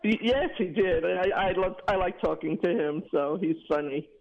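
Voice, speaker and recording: A woman's voice: on the low side, normal speed, creaky. A woman calling in to a radio show, chatting and retelling stories with laughter over a dull phone line. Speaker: caller. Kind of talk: casual phone chat.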